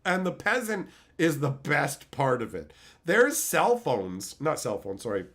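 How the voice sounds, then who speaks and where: A man's voice: a little high, very animated, unhurried, a bit bright. A man chatting casually on a live stream, telling stories animatedly and laughing often.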